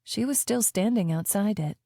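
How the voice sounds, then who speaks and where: Mellow woman narrating an audiobook. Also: mid-range voice, moderate pace, vocal fry, dry recording, clean studio sound. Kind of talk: first-person romance audiobook narration.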